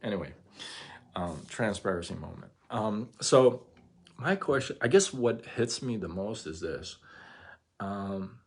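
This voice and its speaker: A man's voice: fairly low pitch, lively intonation, unhurried, husky. A man hosting a livestream, retelling a story with tearful emphasis and a stutter that grows when he is moved. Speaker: livestream host. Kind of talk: emotional livestream monologue.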